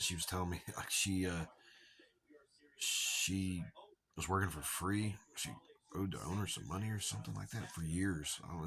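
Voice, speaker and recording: A man with a Southern accent tells a long, wandering story straight to the camera, cursing freely and slipping into the voices of the people he quotes. His voice sits very low, yet it has a bright, forward edge to it. The delivery is loose and conversational, full of restarts and asides. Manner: rambling, profane, acts out quoted voices. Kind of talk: casual storytelling monologue.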